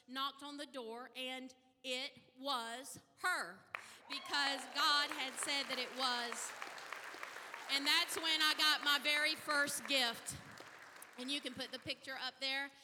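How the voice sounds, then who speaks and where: A woman pastor, telling her story in an animated testimony sermon and acting out the dialogue. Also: high voice, background noise. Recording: reverberant hall.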